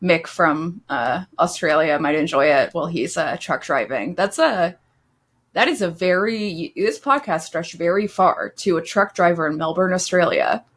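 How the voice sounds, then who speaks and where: A woman's voice: fairly low pitch, animated, moderate pace. A woman co-hosting a podcast, chatting casually, blunt and profane, laughing often. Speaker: podcast co-host.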